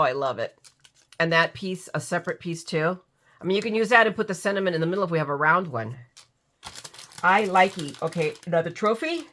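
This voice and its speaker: A chatty woman with a stuffy, runny nose, gushing over each piece she unboxes. Her voice sits a little low but sounds bright and forward, and she rambles in an excited, casual way. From United States. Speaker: craft channel host.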